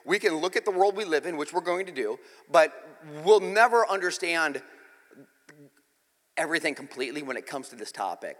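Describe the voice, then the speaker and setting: Animated, bright-voiced storytelling pastor. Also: male voice, a little high, fairly quick, long reverb tail. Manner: storytelling, animated and self-mocking. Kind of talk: sermon with a personal story.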